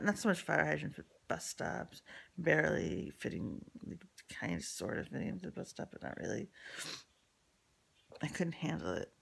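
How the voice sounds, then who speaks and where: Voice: medium pitch, gravelly, a bit bright, husky. A speaker telling a rambling personal story in casual talk, swearing freely, full of fillers and restarts, often dropping into whispered asides. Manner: drops into unvoiced whispery asides.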